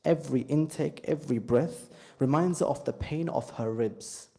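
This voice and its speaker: A man narrating a slow, grieving story as a sermon speaker in a mosque, with heavy pauses. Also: fairly high pitch, gravelly, warm tone. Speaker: majlis speaker.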